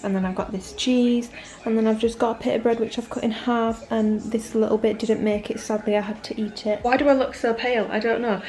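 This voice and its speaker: A young Englishwoman in her early twenties talks to the camera in a relaxed, meandering way, sprinkling "like" through every thought. Her voice sits at an ordinary middle pitch, and she keeps up a chatty vlog flow while she potters around her kitchen. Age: early 20s. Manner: chatty and rambling, with lots of "like". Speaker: fitness vlogger. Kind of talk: casual vlog chat.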